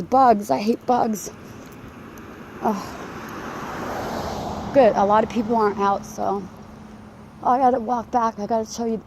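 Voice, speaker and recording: A woman's voice: medium pitch, creaky, darkish tone, slight background noise. Breathless woman vlogging on a walk. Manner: rambling, confessional, apologetic. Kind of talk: casual vlog while walking. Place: outdoors, quiet residential community. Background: faint dog and insects.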